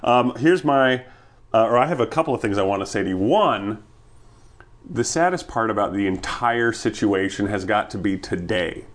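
A man's voice: lowish voice, expressive, moderate pace. A man co-hosting a church live stream, chatting playfully and reading out viewer questions. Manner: playful, laughs often, reads out viewer questions. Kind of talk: casual chat.

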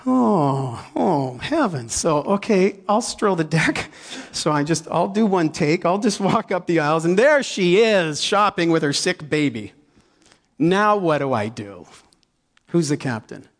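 A man preaching a sermon, telling a story with lively acted-out inner dialogue and frequent laughter, then leading a prayer. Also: fairly high pitch, moderate pace. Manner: animated, acts out inner dialogue, laughs often. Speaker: pastor.

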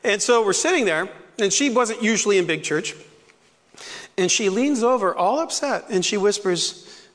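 A man's voice: high-pitched, expressive, normal speed. A middle-aged man preaching a sermon in a chatty storytelling way, acting out quotes and laughing often. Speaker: pastor. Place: church sanctuary. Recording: reverberant church hall.

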